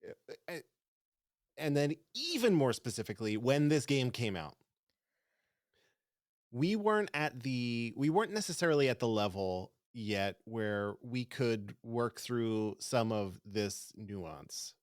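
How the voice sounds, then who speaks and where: A man co-hosting a podcast in casual review chat, speaking in a thoughtful, measured and easygoing way. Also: mid-range voice, expressive, dry recording, clean studio sound. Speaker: podcast co-host.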